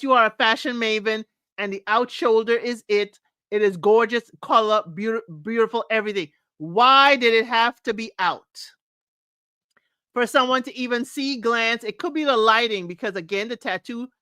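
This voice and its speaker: A woman hosting a live reality-show recap, sassy and animated, laughing often and mimicking the cast. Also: a little high, no room sound. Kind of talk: live recap chat to viewers.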